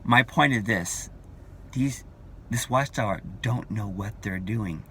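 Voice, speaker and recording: Brief: forties male vlogger, slow, bright, combative and repetitive. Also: on the low side, slight background noise. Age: 40s. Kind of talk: ranting vlog monologue.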